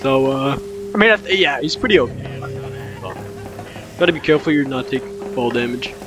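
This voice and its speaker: Music plays in the background while a young male gaming commentator, medium-pitched with lively intonation, talks briskly over his play. He's casual and rambling, says things more than once, and suddenly yelps when startled.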